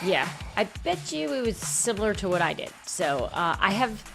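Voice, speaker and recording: Animated woman host telling a story. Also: medium pitch, moderate pace, creaky, over music. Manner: animated storyteller, laughs often. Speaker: podcast host. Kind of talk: casual chat.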